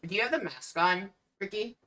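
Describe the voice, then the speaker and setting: A woman's voice: mid-range voice, animated, fairly quick, sharp tone. A woman running a tabletop game as game master, narrating with many hesitant ums.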